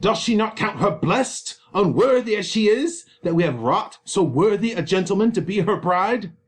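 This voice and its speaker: A proud, quick-tempered nobleman fires rhetorical questions at his household, as a man reading a play does his voice. The delivery swings widely up and down. It stays close to a reading voice rather than a full character performance. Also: fairly high pitch, animated. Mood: indignant.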